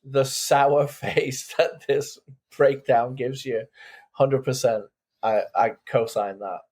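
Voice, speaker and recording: A man's voice: medium pitch, steady tone, slow pace, darkish tone. A man co-hosting a music podcast, chatting enthusiastically with many fillers. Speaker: podcast co-host. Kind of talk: casual chat.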